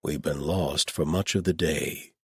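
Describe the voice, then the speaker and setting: A man's voice: a bass voice, fairly even intonation, measured pace, a bit bright, slightly rough, dry recording, studio quality, heavily acted. A man voicing an earnest paladin who speaks with soothing, formal politeness.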